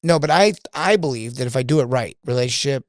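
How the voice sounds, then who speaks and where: A man's voice: mid-range voice, animated, quick pace, no echo, clean studio sound. A man from California, a sales coach who is a guest on a podcast, chatting casually and telling stories in which he acts out both sides of conversations.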